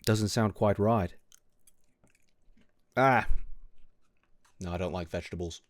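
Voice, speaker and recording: Slow, wry British-accented male streamer. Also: on the low side, dry recording, clean studio sound. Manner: wry, teasing, meandering, frequent throat-clearing. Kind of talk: casual live-stream chat with viewers. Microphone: close desk mic.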